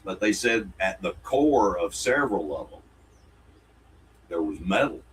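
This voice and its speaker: A man's voice: deep voice, expressive, measured pace, slight background noise, low-quality recording. A man, co-hosting a casual podcast and reading fan mail in a folksy, jokey way. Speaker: co-host.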